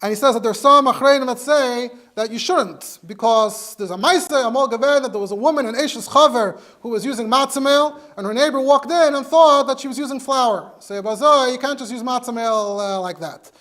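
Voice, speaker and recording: A man's voice: very high voice, brisk, few pauses, a bit bright. A man, a rabbi, teaching a halacha class in English. He explains sources step by step and mixes in Hebrew and Yiddish terms. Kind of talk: Torah lecture.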